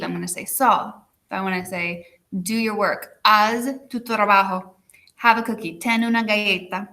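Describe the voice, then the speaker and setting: A woman's voice: mid-range voice, pushed and bright. A woman teacher giving a recorded video lesson, chatty and checking in with her students with frequent "okay"s.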